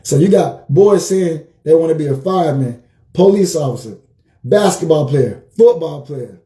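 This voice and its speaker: A man giving a motivational livestream talk as a life coach, telling stories with animated energy and repeating his phrases for emphasis. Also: a little high, normal speed, reverberant.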